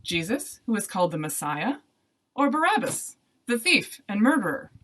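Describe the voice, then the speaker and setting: A woman's voice: mid-range voice, big pitch swings, normal speed, a bit bright, a little hiss or hum. A woman voicing a stern but uneasy male Roman governor, asking raised, pleading questions in a storybook reading.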